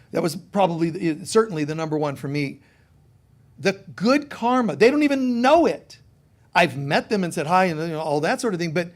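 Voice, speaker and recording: Man, middle-aged, high voice, spiritual teacher, conversational sermon, animated storytelling.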